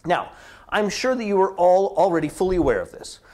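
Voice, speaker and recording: The tone is dark, the pace brisk, and the medium-pitched voice animated. It belongs to a business strategist performing a scripted promotional speech with theatrical flair, whispering for emphasis and dramatizing an inner voice against an outer one.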